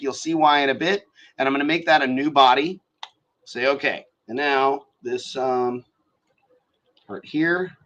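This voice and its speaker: A man with a fairly high, bright and forceful voice walks viewers through design software on a casual live stream. He swears freely and thinks out loud as he clicks through each step. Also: highs cut off. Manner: profane, thinks aloud while working. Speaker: show host teaching design software.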